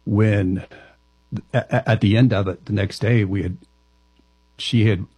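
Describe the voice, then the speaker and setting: A man telling a personal story to an interviewer, halting and often restarting his sentences. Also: fairly low pitch, steady tone, dark tone, husky, no echo. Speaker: interview guest.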